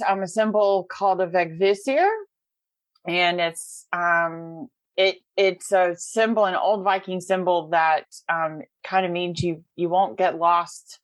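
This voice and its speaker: A chatty woman with a Southern US accent, her voice sitting on the low side. She talks casually, full of ums and ready laughter, recorded close and dry. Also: no echo. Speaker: recovery podcast participant. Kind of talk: casual chat.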